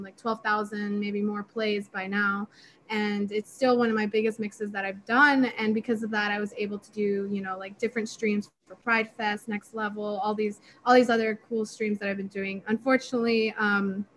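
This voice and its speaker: A young woman, a DJ and producer, answering interview questions in an excitable, chatty way full of fillers. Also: medium pitch, slight background noise, low-quality recording. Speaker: DJ and music producer.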